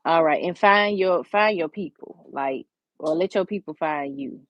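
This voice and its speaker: Lady with a really low voice walking you thru nails, chatty and hype, muffled dry recording. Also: unhurried, no echo. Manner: chatty, encouraging, talks straight to viewers. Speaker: nail tutorial host. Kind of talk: casual step-by-step tutorial chat.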